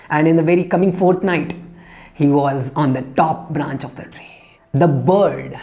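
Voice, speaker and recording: A man's voice: on the high side, warm tone. A man giving an earnest, emphatic motivational talk, telling a fable to make his point. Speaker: motivational speaker.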